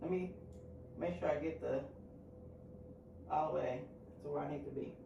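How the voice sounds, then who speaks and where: Using vocal fry in a deep voice at a moderate pace, a woman nervously chats and laughs at herself while showing how to dye a wig at an indoor sink. It's a casual beauty-vlog tutorial with dull audio, room echo, and faint ambient noise.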